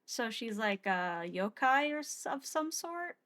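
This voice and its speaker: A woman's voice: a little high, sing-song, a little slow, a bit bright. A woman streamer making playful asides while reading a cozy game aloud. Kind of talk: casual game commentary.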